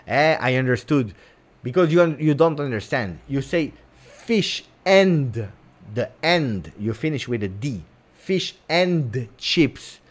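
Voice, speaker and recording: Playful man hosting a livestream. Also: medium pitch. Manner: playful, teasing, repeats words for effect. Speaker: host of a football fan channel. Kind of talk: casual livestream chat.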